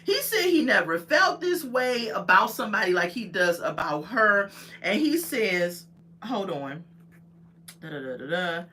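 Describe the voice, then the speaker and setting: A woman recaps a reality show for her live-stream viewers in a loose, chatty way. Her voice is bright and clear. She laughs often as she retells the scenes. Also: medium pitch, sing-song, unhurried. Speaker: show reviewer.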